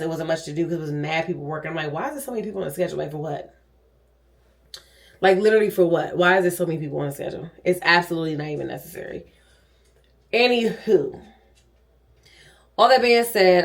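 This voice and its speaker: Middle-aged woman, casual vlog chat, dramatic and goofy delivery. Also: on the low side. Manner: chatty, dramatic, animated. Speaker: vlogger.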